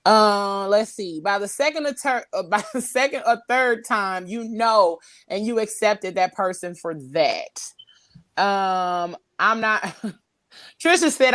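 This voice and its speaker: A woman's voice: mid-range voice, takes it slowly, fairly bright tone, dry recording. A woman hosting a podcast in casual livestream chat, slangy and candid, laughing often as she reads comments. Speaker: podcast host.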